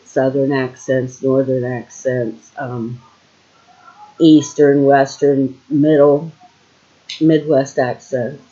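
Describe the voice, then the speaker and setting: A woman's voice: very deep voice, flat delivery, slow, mellow, lo-fi sound. An older woman from Ohio talking to camera at home in a casual, rambling monologue, full of fillers and trailing thoughts. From Ohio, USA. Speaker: vlogger.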